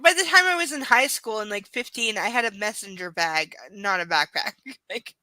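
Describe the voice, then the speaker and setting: Chatty Ontario Canadian woman, bright voice. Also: mid-range voice, expressive, normal speed, dry recording. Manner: chatty, swears freely, teasing asides. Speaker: livestream host reading a novel aloud. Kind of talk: casual live reading and chat.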